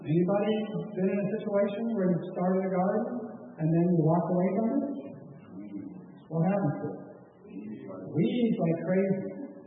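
A man's voice: high-pitched, animated, moderate pace, a little hiss or hum. A man giving a conversational church talk, asking the audience questions and telling a story, recorded from far off in a large hall. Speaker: church speaker. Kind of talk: sermon-style talk with a story. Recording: echoey hall from far off, phone-like.

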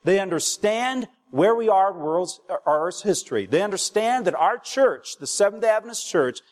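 A man's voice: high voice, expressive, moderate pace, hardly any pauses. A young male pastor preaching a sermon, urging the congregation and asking them for replies. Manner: exhorting, asks the congregation for replies. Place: church hall. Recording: long reverb of a church hall.

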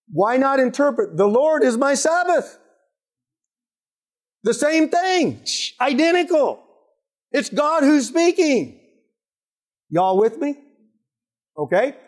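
High-voiced man preaching with drawl. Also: a little mellow. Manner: questioning the audience, emphatic, slow on quoted scripture. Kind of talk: sermon teaching.

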